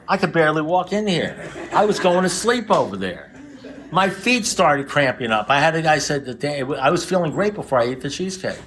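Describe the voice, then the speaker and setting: A man's voice: on the high side, noisy background. A man in his seventies speaking to a recovery group, blunt and profane, mixing warnings with jokes. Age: 70s. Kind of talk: recovery meeting talk. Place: recovery meeting room with a group.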